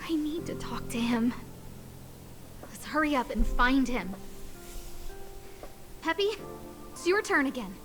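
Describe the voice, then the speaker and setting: A slow, high young chief. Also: female voice, animated, fairly bright tone, faint music behind, exaggerated voice. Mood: troubled. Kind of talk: game voice acting.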